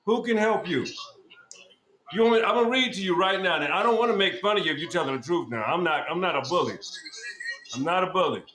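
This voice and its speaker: A man hosting a podcast who berates his guest in a loud, repetitive, profane rant. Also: high-pitched, fast talker. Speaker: podcast host. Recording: echoey room with faint noise.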